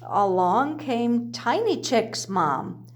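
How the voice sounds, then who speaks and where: A woman's voice: on the high side, sing-song, extremely slow, slight background noise. A woman reading a children's picture book aloud, adding chatty asides about the pictures. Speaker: storyteller.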